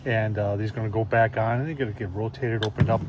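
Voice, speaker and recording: A man's voice: lowish voice, fairly even intonation, fast talker, muffled recording, noisy background. Folksy man showing off barbecue ribs. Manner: folksy, keeps saying "folks" and "I tell you what". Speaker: barbecue video host. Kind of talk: casual cooking demonstration.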